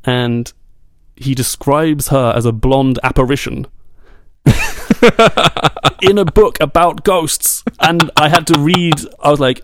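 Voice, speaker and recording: A man co-hosting a podcast about books, complaining in casual chat with an exasperated, animated manner. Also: on the high side, unhurried, pauses often, no room sound, studio quality. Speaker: book podcast co-host.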